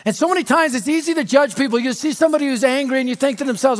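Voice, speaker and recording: A middle-aged American man preaching a storytelling sermon, animated and dramatic, dropping to a hush for emphasis. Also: very high voice, rapid-fire. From United States. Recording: reverberant hall.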